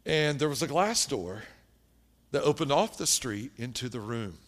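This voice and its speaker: A man preaching a sermon, telling a story with lively shifts between hushed and loud delivery. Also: medium pitch, normal speed. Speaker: pastor.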